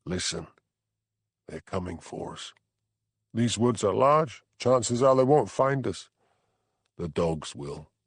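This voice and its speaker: A man's voice: on the low side, animated, takes it slowly, pauses often, slightly rough, no room sound, clean studio sound, exaggerated voice. A man voicing a spry, cheeky eighty-eight-year-old ex-convict with a faint Cockney accent who slips into a posh drawl. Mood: urgent. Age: 80s. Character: spry elderly male ex-con, cheeky and amiable.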